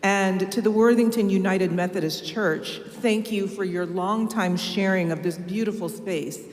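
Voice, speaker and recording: A woman from Ohio giving a measured, earnest keynote speech from a church podium. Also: mid-range voice, a little mellow. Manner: measured, earnest public speaking. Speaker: keynote speaker. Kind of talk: formal speech. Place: large church sanctuary. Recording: echoey hall with long reverb.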